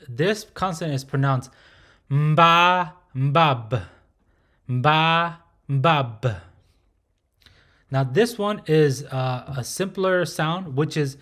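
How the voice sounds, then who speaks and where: A man teaching pronunciation patiently, repeating each sound and often checking in with the learner. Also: medium pitch. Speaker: language teacher. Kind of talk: pronunciation lesson.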